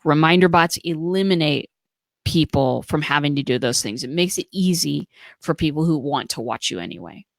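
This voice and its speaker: This American co-host of a casual live stream has a low voice and a moderate pace, recorded with no echo. She shares earnest, practical tips, using many filler words.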